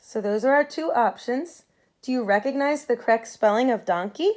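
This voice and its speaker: A woman teacher giving a patient phonics lesson to young students, modeling sounds clearly for them to repeat. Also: on the high side, animated, normal speed, a little mellow.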